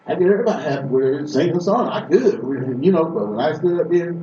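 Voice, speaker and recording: A man's voice: a little high, expressive, fast, dark tone, slight background noise. A man preaching a sermon from Boston, telling stories emphatically with frequent repeated restarts. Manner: emphatic storytelling, repetitive restarts. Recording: echoey room from far off, dull sound.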